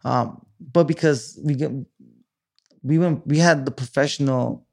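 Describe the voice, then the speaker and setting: A man's voice: medium pitch, measured pace, gravelly, a little mellow. A man in his thirties from California, a guest telling his story casually in an interview, rambling with many restarts and fillers.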